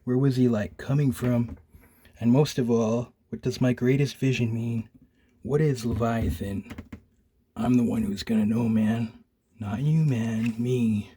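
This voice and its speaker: Doctor Freak, read out by a husky man, a rambling hippie villain. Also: mid-range voice, steady tone, a little slow, dark tone. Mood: dreamy. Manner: drawling stoner slang, says "man" a lot. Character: spaced-out hippie male villain, rambling and grandiose.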